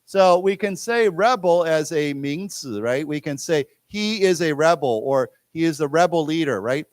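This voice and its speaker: A man with an American accent teaching an English class in a lecture room. His voice sits a little high for a man and is recorded dry and close. He explains each word patiently and has the class say it back. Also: lively intonation, dry recording. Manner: explains words slowly, repeats them, drills the class. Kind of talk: English lesson for Chinese speakers.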